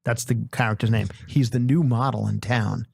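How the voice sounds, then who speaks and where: A man hosting a comedy podcast, telling a long story in an animated, self-mocking way that often repeats itself. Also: mid-range voice, normal speed, creaky, slightly rough, no echo, clean studio sound. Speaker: podcast host.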